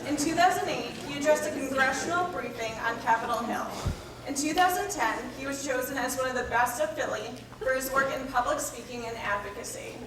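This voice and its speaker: A woman reading out an introduction of a speaker in a brisk, list-like way. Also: high-pitched, noisy background. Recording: very echoey hall, from far off.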